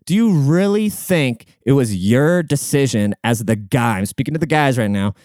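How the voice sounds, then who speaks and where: Brief: young male host, blunt and profane, smooth voice, dry close sound. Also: mid-range voice, animated, normal speed, a little mellow, no echo. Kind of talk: crude casual monologue.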